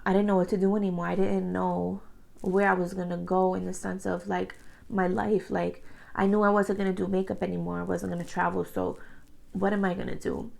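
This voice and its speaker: A woman's voice: fairly low pitch, level tone, brisk, vocal fry, darkish tone, rough recording. A woman of thirty talking earnestly to camera as a beauty vlogger, with lots of "like" and repeated phrases. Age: 30s. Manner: earnest, repetitive, fillers like "like". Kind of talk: emotional personal talk to camera. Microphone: camera mic, facing camera.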